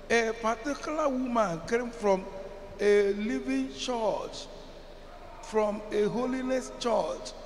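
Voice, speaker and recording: Here the preacher's voice is high-pitched, carrying a faint hiss or hum. With his Nigerian English accent, he emphatically chants phrases and asks the congregation questions while the large hall adds long reverb and a little ambience.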